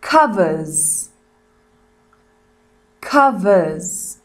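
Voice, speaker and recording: Slow, patient South African woman teacher. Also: medium pitch, sing-song. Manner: clear, patient, explains each word slowly. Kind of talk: recorded lesson.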